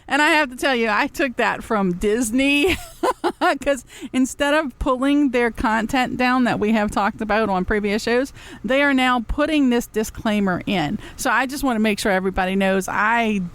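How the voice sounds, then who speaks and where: A woman host, chatting casually on live radio, rambling and cheeky, laughing often between phrases. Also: fairly high pitch.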